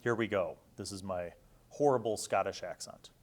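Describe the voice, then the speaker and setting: A man's voice: sits low, normal speed. A man hosting casual, joking commentary as he reads through a game rulebook, irreverent and swearing now and then. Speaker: host.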